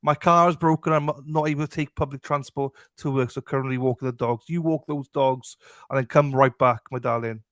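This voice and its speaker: A man's voice: medium pitch, steady tone, fairly quick, a bit bright, no echo, studio quality. A man co-hosting a live stream, upbeat and affectionate, reading viewers' names and comments aloud. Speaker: co-host. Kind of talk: casual live stream chat.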